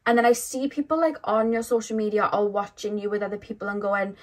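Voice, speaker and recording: A woman's voice: mid-range voice, steady tone, fast, hardly any pauses. A woman giving a pick-a-card tarot reading to camera. She muses sympathetically and rambles, with lots of "like" and "um". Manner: rambling, full of "like" and "um" and restarts; intuitive, sympathetic musing. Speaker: tarot reader.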